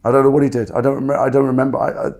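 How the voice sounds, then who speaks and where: A man telling candid stories about his acting work in a fast, animated, self-interrupting way. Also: medium pitch. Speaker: actor guest. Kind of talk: candid conversational storytelling.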